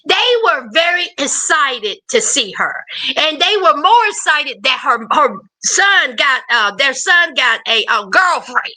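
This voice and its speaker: A woman recaps a reality show in a casual, sassy way. Her very high voice is bright and sharp, and she talks slowly, drawing out her words. She scolds the people on screen as if they could hear her. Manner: sassy, animated, addresses people on screen directly.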